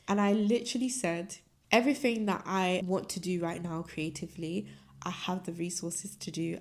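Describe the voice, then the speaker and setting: A woman's voice: on the low side, darkish tone. A young woman in her twenties hosting a solo podcast, chatting earnestly and emotionally with many "like"s. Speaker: podcast host. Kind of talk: casual solo podcast chat.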